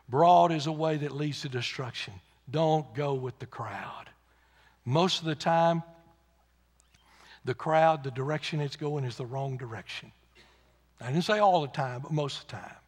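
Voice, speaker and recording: A man preaching a sermon with passion, moving from loud emphatic build-ups to hushed, quiet asides. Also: fairly high pitch, slightly rough, in a large hall.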